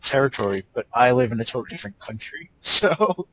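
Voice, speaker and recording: A man from the United States co-hosting a podcast, joking with quick asides. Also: medium pitch, expressive, a bit bright, slight background noise, poor audio. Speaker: podcast co-host. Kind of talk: casual podcast chat.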